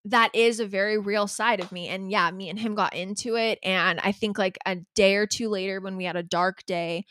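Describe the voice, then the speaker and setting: A young woman co-hosting a podcast, telling stories in an animated casual way, swearing and laughing often. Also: mid-range voice, normal speed. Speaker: podcast co-host. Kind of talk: casual chat.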